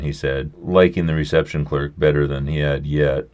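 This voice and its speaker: A man narrating a short story aloud in a steady, measured storytelling voice. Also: extremely low pitch, dull audio.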